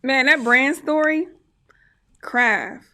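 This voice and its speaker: A woman hosts a casual podcast interview and cheers her guest on as she goes. She keeps an upbeat, chatty manner. Her voice is pitched fairly high and has a sharp, bright edge. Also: slow. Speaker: podcast host.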